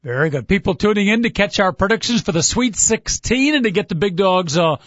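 Wry, high-voiced radio host. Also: male voice, fairly quick, dry recording. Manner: wry, chuckling, teasing. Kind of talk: casual sports radio banter. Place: radio studio. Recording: muffled lo-fi radio broadcast.

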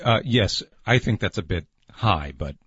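A man playing a prim, dry foodie who calmly corrects a loudmouth, in a comedy sketch. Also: on the low side, measured pace, slightly rough, dry recording, lo-fi sound, exaggerated voice. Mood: deadpan. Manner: dry, deadpan, polite pedantic corrections. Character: prim, deadpan male foodie "Fondue Man".

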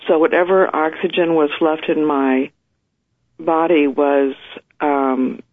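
A woman's voice: deep voice, steady tone, slow pace. A woman guest with her early morning voice, telling her story in a chatty, detailed way full of fillers. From United States. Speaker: interview guest. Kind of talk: recounting a personal story. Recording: tinny phone line.

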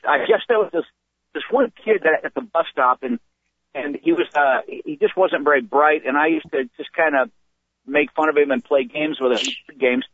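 A man's voice: fairly high pitch, moderate pace, dry recording, phone-quality sound. A male comedian telling funny stories from his life in a casual chat, acting out the voices of the people in them. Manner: animated storyteller who acts out voices. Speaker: comedian guest.

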